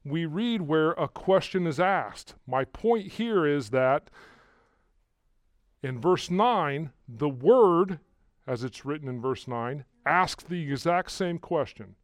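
Pastor guy preaching, bit high voice, stumbles and repeats, gets loud on key words, dry close sound. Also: animated, slow pace, no room sound. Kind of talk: sermon.

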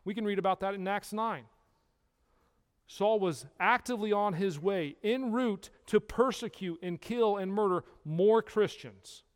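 A man's voice: high voice, measured pace, clean tone. A man teaching a Bible study, speaking emphatically and asking his listeners rhetorical questions. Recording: long hall reverb.

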